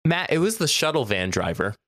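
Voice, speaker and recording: A man chatting casually on a podcast, telling a story with lively acted-out quotes. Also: fairly high pitch, a little fast, dry recording, studio quality. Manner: animated, acts out quoted voices. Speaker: podcast co-host, campus photographer.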